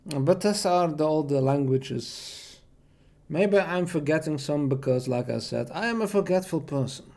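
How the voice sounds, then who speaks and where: A man's voice: a little high, lively intonation, unhurried, darkish tone. A man streaming live, chatting casually about the voices he can do, rambling and restarting his sentences. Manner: rambling, meandering, many fillers and restarts.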